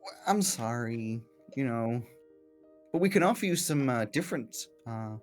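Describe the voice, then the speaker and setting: A man's voice: mid-range voice, animated, normal speed, lightly acted. Guy doing a young barista girl, polite n firm, sorry but no refunds, faint music. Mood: polite refusal. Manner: apologetic, sticks to shop policy.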